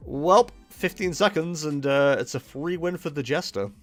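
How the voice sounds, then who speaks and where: Streaming a card game from home, a man with a fairly high voice chats at a normal speed in a rambling, self-deprecating way. The recording has no echo, with faint music in the background.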